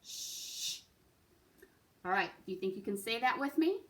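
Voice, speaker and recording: A woman's voice: mid-range voice, lively intonation, fast. A woman teaching a beginner recorder lesson, patient and encouraging, often checking in with "right?" and "okay?". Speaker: music teacher.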